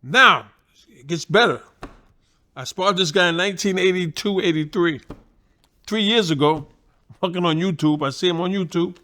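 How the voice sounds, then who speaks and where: Older guest with a tense, higher voice, cursing his way through lively stories. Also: normal speed, pauses often. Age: 60s. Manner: animated, swearing freely, laughing at his own stories. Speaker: guest, boxing trainer and former champion. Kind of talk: casual storytelling.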